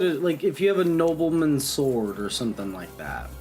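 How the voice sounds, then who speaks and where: A man's voice: a little high, very animated, moderate pace, a little mellow. A man casually commenting on his gameplay, rambling and muttering to himself as he plays. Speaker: gaming streamer. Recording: game music underneath.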